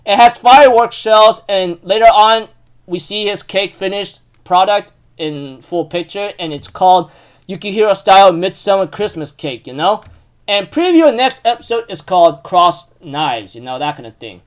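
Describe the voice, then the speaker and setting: High-voiced man rambling through a recap. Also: moderate pace. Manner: rambling, fillers of "you know", loose retelling of scenes; laughs and gets animated when amused. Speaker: anime recap host. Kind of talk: casual recap commentary.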